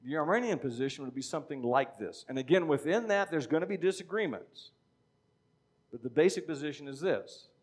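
A man's voice: on the high side, expressive, brisk, slightly rough. A middle-aged man preaching a sermon in a conversational teaching style, often checking in with "okay?". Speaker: pastor.

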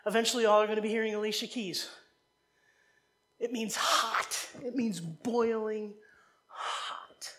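A woman from New Jersey preaching a sermon in an animated, conversational way, with humorous side stories. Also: fairly high pitch, normal speed.

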